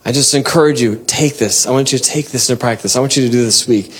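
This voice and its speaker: A man preaching a devotional sermon and reading scripture, earnest and exhorting, with bursts of excitement and soft laughs. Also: medium pitch, fast talker, husky.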